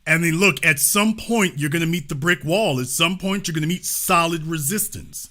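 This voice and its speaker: A man's voice: a little high, normal speed, bright, forceful tone. A man hosting a live call-in talk show, talking casually and repeating his points. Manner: casual, repetitive, restates lines.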